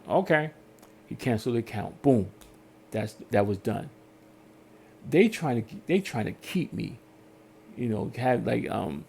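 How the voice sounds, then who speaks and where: The gravelly, medium-pitched voice of a podcast host comes through slightly slowly, with frequent pauses and a little background noise. He tells his story as a casual, animated rant, voicing the different people on customer service calls.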